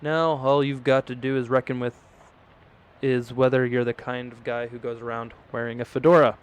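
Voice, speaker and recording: A gaming YouTuber plays a video game and reads its dialogue aloud in mock old English, joking and swearing between lines as let's play commentary. His mid-range voice is flat yet resonant, clear, and at a normal speed.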